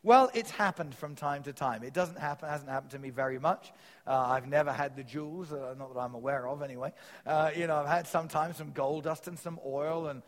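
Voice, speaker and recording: Man, preacher, sermon, animated storytelling, slightly high voice, echoing hall. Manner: storytelling with quoted dialogue, animated. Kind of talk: sermon teaching. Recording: long reverb of a large hall.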